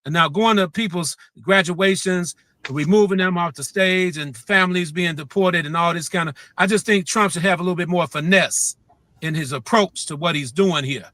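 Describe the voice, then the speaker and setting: A man's voice: high voice, moderate pace, bright, forceful tone, dry recording. A man speaking as a talk show guest, making his point with many "uh" fillers and emphatic repeats. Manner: frequent "uh" fillers, emphatic repetition. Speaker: guest commentator. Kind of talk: remote talk show discussion.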